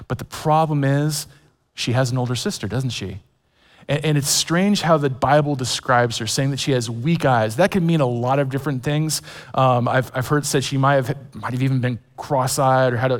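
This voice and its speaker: Chatty pastor in a reverberant hall. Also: male voice, medium pitch. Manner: chatty, self-deprecating humor with many fillers and restarts. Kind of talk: sermon with personal storytelling.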